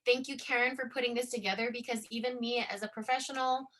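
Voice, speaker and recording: Effusive bright-voiced woman educator. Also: on the high side, fairly even intonation, fast talker, a little hiss or hum. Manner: warm, effusive thanks. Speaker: educator, summit co-host. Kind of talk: casual video call thanks.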